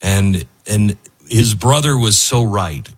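A man's voice: lowish voice, slow pace, breathy edge. A man hosting a talk show, speaking in an earnest, heartfelt, wandering way. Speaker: radio show host. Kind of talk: emotional talk radio monologue.

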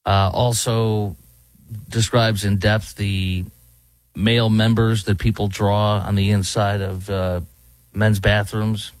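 A man's voice: on the low side, level tone, takes it slowly, dry recording. A man, hosting talk radio and giving indignant, rambling commentary. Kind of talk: opinionated commentary. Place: studio in Dallas.

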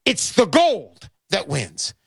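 A man's voice: sits high, wildly swooping pitch, takes it slowly, creaky, slightly rough, dry recording. A middle-aged man hosting a radio talk show, brash and emphatic, repeating his lines for effect. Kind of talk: talk radio with sales pitch.

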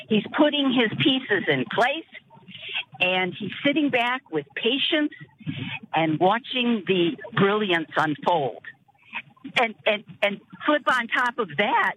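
An older caller who grew up near Chicago, speaking in a halting way with repeated words. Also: medium pitch, sharp tone, slight background noise, rough recording. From northern Chicago area. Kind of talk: call-in chat.

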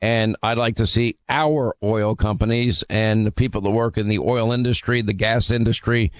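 A man hosting a call-in radio talk show, speaking in a forceful, emphatic way with frequent fillers. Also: fairly low pitch, steady tone, normal speed, no echo. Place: radio studio.

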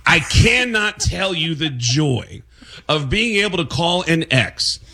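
A man, a comedian guest, telling a comic story on a radio show and building up to shouted punchlines. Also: a little high, very animated, slow.

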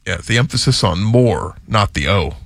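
A man's voice: lowish voice, expressive, moderate pace, gravelly, no room sound. A man hosting a sports radio show, chatting casually and jokingly about how names are said, now and then mimicking other voices.

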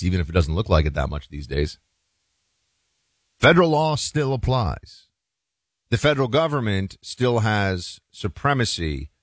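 A man with a low voice hosts a talk show, delivering an emphatic, opinionated monologue sprinkled with folksy asides to listeners. The recording is dry.

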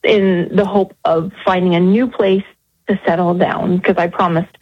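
A woman calling in to a radio show, talking in an emotional, halting way with many restarts. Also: lowish voice, steady tone, slightly rough, no echo. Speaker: caller. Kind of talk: radio call-in. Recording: muffled phone line.

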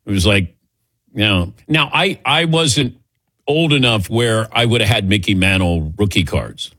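A man's voice: on the low side, animated, measured pace, fairly bright tone, slightly rough, no room sound. A man in his sixties hosting a call-in sports radio show, chatty and laughing easily as he tells stories. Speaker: radio sports talk host.

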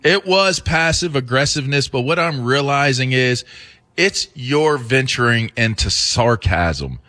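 A man's voice: medium pitch, lively intonation, unhurried, bright, forceful tone. A man co-hosting a casual chat, teasing and rambling with frequent repeats.

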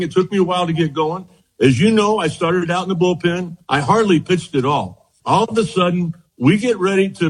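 A man in his sixties, a former pitcher, telling lively anecdotes in an interview and acting out the quotes. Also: slightly rough, low-quality recording. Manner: animated anecdotes, repeats words, acts out quotes. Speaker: former baseball pitcher, guest. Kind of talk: storytelling interview.

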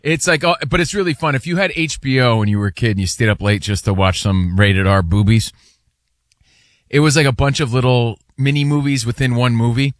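A man co-hosting a sports talk show, chatting casually in a quick, argumentative way. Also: medium pitch, no echo, studio quality. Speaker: sports radio co-host.

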